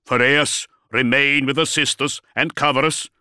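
A man's voice: mid-range voice, steady tone, moderate pace, bright, forceful tone, clear, resonant tone, no room sound, studio quality, voice pushed up. A man voicing a commanding male armoured warrior leader in a storybook reading, with barked commands in a raised voice.

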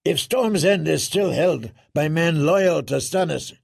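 A man's voice: fairly high pitch, measured pace, vocal fry, darkish tone, breathy edge, no echo, clean studio sound, heavily acted. A man voicing a doubtful mercenary captain who raises cautious objections. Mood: objecting. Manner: questioning, cautious.

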